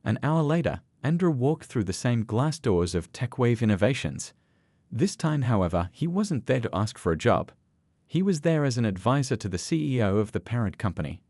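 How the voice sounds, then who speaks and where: A man narrating a scripted story in a steady storytelling manner. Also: mid-range voice, normal speed, dry recording.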